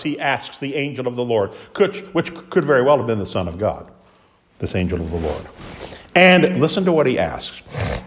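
In a medium-pitched, very animated voice and at a moderate pace, a man preaches, alternating booming exclamations with murmured asides. Along the way he gives voice to biblical characters.

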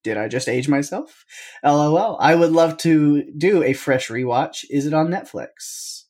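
A woman co-hosting a podcast in casual chat, relaxed and quick to laugh as she introduces the next segment. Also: low-pitched. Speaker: podcast co-host.

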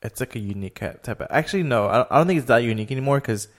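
A man's voice: mid-range voice, expressive, racing. A man with a South Texas Valley accent in casual chat, hesitant and restarting but opinionated. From Rio Grande Valley, Texas.

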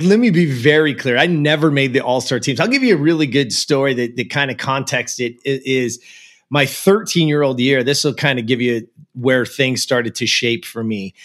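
A man's voice: medium pitch, normal speed, fairly bright tone. Earnest American man telling a story. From United States. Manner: earnest and emphatic, with frequent "like" and "you know". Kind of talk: personal storytelling in conversation.

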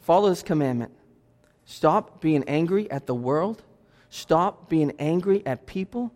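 A man's voice: on the high side, lively intonation, unhurried, darkish tone. A male pastor preaching a sermon in a church, with emphatic, repetitive exhortation. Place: church sanctuary. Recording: long church reverb.

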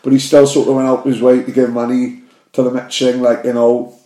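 A man's voice: medium pitch, monotone, dark tone. A man chatting casually on a podcast, swearing freely and affirming often. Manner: sweary, chatty, backs the other up with quick yeahs. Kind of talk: casual chat. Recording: echoey room.

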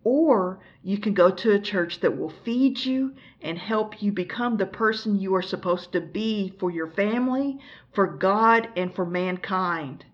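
A woman's voice: medium pitch, lo-fi sound. A woman from the United States giving an earnest, exhorting sermon and asking the listener pointed questions. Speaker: preacher. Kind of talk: recorded teaching sermon.

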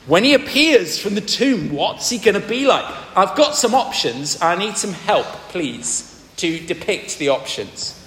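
Playful posh English vicar leading a family sermon; bright tone, long church reverb. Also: male voice, sits high, sing-song, a little slow, slight background noise. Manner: playful, drawing in the congregation. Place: large church. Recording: echoey church hall.

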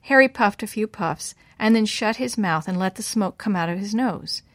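A woman's voice: mid-range voice, moderate pace, no room sound. Woman storyteller, children's story, dry close sound. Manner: lively voices for the boys' lines. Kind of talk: scripted storybook narration.

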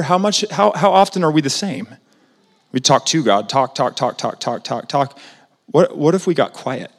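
Animated male preacher in a reverberant sanctuary. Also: mid-range voice. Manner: conversational, asks the congregation questions; animated, swings between loud and soft. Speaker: pastor. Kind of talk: sermon.

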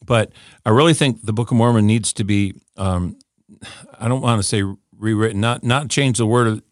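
A man's voice: on the low side, normal speed, no echo, studio quality. An older man giving an informal scripture teaching talk, eager and often restarting with repeated words as he explains. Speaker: Bible teacher.

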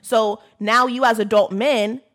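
Woman, slightly high voice, emphatic podcast guest arguing a point. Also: fairly even intonation, a little slow, fairly bright tone. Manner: emphatic, argumentative. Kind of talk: casual podcast discussion.

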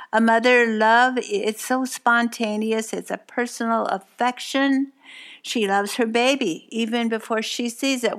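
A woman's voice: fairly high pitch, a bit bright. A woman in her seventies teaching a devotional with tender, earnest encouragement and vivid personal stories. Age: 70s. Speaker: co-host, Bible teacher. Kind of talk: devotional talk, warm storytelling.

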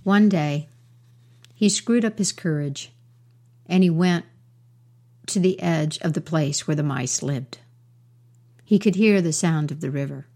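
A woman storyteller telling a folk tale in an unhurried, warm way. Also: sits low.

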